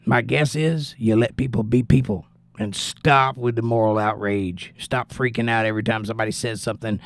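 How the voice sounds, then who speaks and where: Stream host, male, gravelly voice, blunt and opinionated, casual commentary, dry close mic. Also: mid-range voice, no room sound. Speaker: livestream host reading chat.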